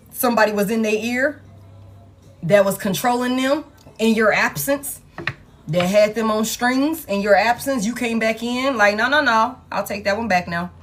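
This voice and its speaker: Blunt, exasperated woman reading tarot. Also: on the high side. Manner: blunt, exasperated, swearing, repeats phrases for emphasis. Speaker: tarot reader. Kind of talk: live collective tarot reading.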